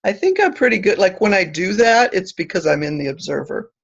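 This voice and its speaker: A man student sharing in a class discussion, halting with many fillers. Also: high-pitched, expressive, creaky, a bit bright, husky. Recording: dull lo-fi recording.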